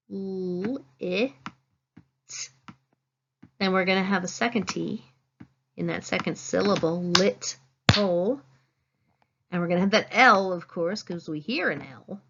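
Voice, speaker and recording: A woman teacher giving a phonics lesson, saying each word slowly and clearly and stressing it. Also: mid-range voice, a bit bright, dull audio, a little hiss or hum. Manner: slow, clear teacherly dictation, stressing words.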